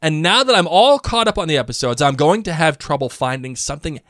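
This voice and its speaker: Joking guy podcast cohost, lively voice bouncing all over, dry close sound. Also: fairly high pitch, a little fast, dry recording. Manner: joking, animated, laughs often. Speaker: podcast co-host. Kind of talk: casual chat, reading listener emails.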